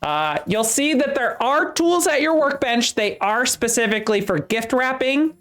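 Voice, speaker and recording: A game master voicing a chipper workshop supervisor at Santa's workshop, talking with a Midwestern accent in hurried tour-guide patter. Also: medium pitch, animated, fairly bright tone, faint music behind, voice pushed up, lightly acted. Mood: upbeat. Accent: Midwestern American.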